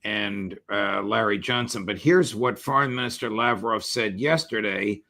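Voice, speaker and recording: A man's voice: on the low side, measured pace, pushed and bright. A man hosting an interview show, putting pointed questions to his guest and introducing clips. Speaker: show host.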